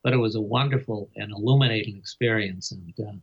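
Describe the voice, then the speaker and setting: Soft, low older man telling a story. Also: husky. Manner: chuckles often, halting with fillers. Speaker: biographer. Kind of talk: interview storytelling. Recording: dull lo-fi recording.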